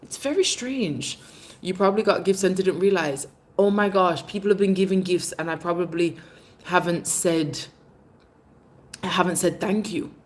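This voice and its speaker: A woman hosts a casual livestream, chatting animatedly and calling her viewers babes. Her voice sits a little low, and she swings up in pitch when she gets excited. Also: normal speed. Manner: bursts of laughter, lively pitch swings. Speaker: livestream host. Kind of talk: casual livestream chat reading comments. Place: Jamaica.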